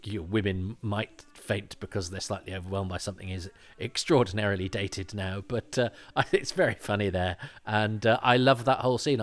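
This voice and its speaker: Guy chatting over an old show, rambly, lots of restarts, mid-pitched voice. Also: a bit bright. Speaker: podcast host. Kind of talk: casual commentary while watching.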